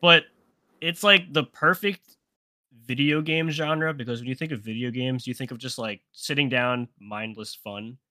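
A man's voice: medium pitch, moderate pace, bright, forceful tone, no room sound. A man co-hosting a podcast in casual chat, blunt and rambling with plenty of swearing. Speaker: podcast co-host.

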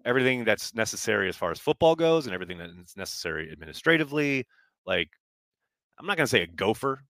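Deep-voiced, blunt sports podcast host. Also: male voice, pushed and bright, dry recording, clean studio sound. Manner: blunt and loose, swears freely. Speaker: podcast host reading viewer chat. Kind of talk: casual live-stream sports talk. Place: New York.

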